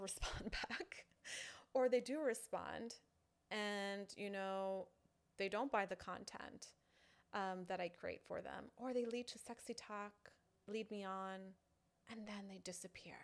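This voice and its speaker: A woman who creates online content talks casually to her fans in a halting way, full of fillers. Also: mid-range voice. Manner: chatty, halting, full of "you know" fillers. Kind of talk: casual direct-to-camera talk.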